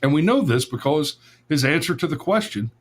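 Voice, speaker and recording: A man's voice: a little high, expressive, brisk. A man hosting a talk show, telling a long casual story with frequent restarts, repeated words and swearing. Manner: rambling, profane, many restarts and self-corrections. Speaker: podcast host.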